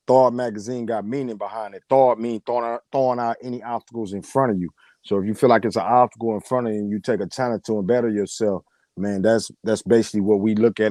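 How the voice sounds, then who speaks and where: A man's voice: on the low side, dark tone, no room sound. A man, co-hosting a sports talk show in casual chat, slangy and laughing often.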